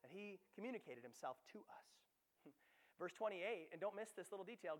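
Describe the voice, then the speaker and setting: Young male pastor, high-pitched, conversational sermon turning emphatic, big reverberant church. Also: expressive, moderate pace. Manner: conversational, rising to emphatic, with asides and tag questions.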